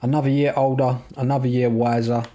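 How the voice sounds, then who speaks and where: A man's voice: medium pitch, level tone, fairly quick, warm tone. A man streaming a video game, chatting casually, joking and thanking his viewers. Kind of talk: casual live-stream commentary. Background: game music.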